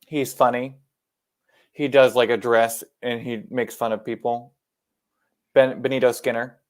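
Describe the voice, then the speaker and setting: A man's voice: medium pitch, level tone, unhurried. A man with an American accent, co-hosting a podcast in casual, jokey chat, swearing freely and laughing at himself. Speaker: podcast co-host.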